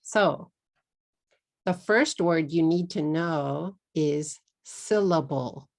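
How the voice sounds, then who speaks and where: Woman, Texan accent, middle-aged, English teacher, slow and careful, repeats words, low gravelly voice. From Texas. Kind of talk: English pronunciation lesson for Japanese learners.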